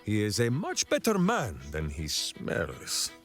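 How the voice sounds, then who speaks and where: A bombastic hamster-loving warrior. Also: male voice, fairly low pitch, wildly swooping pitch, slow, fairly bright tone, full character voice. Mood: boastful. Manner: bombastic, theatrical, speaks of himself in third person. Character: boisterous burly male warrior-ranger, grandiose, hamster-loving. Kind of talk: video game character dialogue. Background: faint game music.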